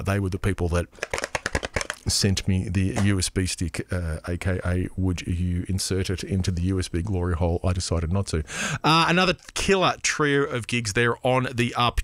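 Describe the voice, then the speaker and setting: An Australian man hosts a casual radio show, reading listener texts with a bright, forceful voice. He rambles, trips over his words and makes playful, self-deprecating asides. The sound is dry and close, with no room echo. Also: lowish voice.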